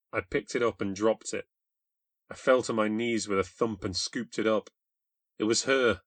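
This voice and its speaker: Low-voiced man narrating a ghost story. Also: a bit bright, dry recording. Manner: blunt, sardonic, self-deprecating. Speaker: storyteller and podcast host. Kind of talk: first-person scripted narration of a ghost story.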